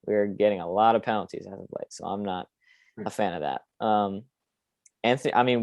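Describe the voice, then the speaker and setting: Man, young adult, low-pitched, dry sound, podcast host, opinionated, rambling, filler words. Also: no echo. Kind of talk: casual sports podcast chat.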